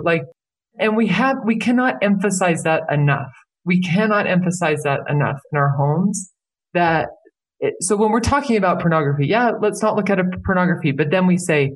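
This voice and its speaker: A woman's voice: on the low side, animated, moderate pace. A woman who works as a life coach, speaking earnestly as a podcast interview guest and repeating key phrases for emphasis.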